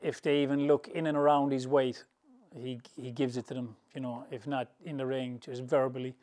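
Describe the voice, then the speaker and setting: Man telling lively anecdotes. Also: medium pitch, normal speed. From England. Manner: animated storyteller, laughs through anecdotes; loose, colloquial, rambling phrasing. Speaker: boxing trainer. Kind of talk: storytelling interview answers.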